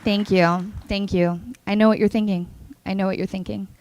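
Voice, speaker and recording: A woman giving an energetic, playful motivational speech at a conference, engaging the audience. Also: mid-range voice, normal speed, muffled recording, a little hiss or hum. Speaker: keynote speaker. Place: conference hall.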